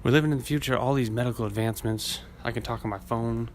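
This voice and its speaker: A man's voice: medium pitch, steady tone, quick pace, darkish tone, slight background noise. A man hosting a podcast, telling a rambling, profane story and acting out the people in it. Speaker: podcast host. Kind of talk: casual chat.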